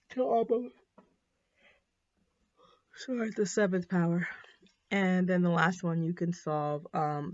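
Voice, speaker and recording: A woman's voice: fairly low pitch, vocal fry, a little mellow. Casual woman teaching math, lo-fi audio. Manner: casual, many ums, apologizes for slips. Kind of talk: recorded classroom lesson. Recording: dull, slightly lo-fi.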